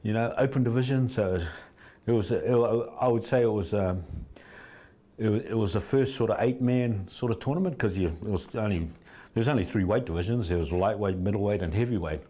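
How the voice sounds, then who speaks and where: Middle-aged kiwi guy, warm low voice, rambling through stories in an interview, lots of restarts. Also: a little fast. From New Zealand. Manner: rambling anecdotes with many restarts. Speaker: fight trainer, interview guest. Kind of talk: casual interview storytelling.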